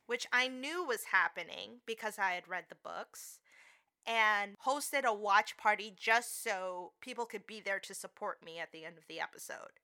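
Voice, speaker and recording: A woman's voice: mid-range voice, normal speed, bright, forceful tone. A woman co-hosting a podcast, chatting in a casual, profane and emphatic way. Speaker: podcast co-host. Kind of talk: casual chat.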